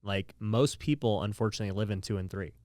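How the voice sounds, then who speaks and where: A man's voice: fairly low pitch, fast talker, a little mellow, dry recording, clean studio sound. An easygoing man in his thirties hosting a casual interview, agreeable and chatty. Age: 30s. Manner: easygoing, agreeable, says dude a lot. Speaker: podcast host.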